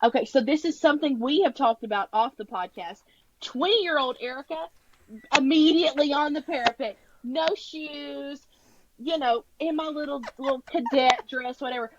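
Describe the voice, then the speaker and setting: A woman's voice: sits high, normal speed, highs cut off, background noise. A woman in her thirties co-hosting a podcast, chatting casually and bluntly about a book, with some swearing. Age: 30s. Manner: blunt and wry, swears for emphasis. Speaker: podcast co-host. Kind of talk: casual book recap chat.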